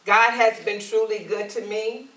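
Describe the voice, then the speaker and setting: A woman evangelist leads a sermon with a bright, forceful voice, pressing her listeners for answers. She sounds set back from the mic, and her voice rings around a roomy space. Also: mid-range voice, flat delivery, measured pace, far from the mic. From Alabama. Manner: calls out to the congregation, rising and emphatic. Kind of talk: sermon and prayer.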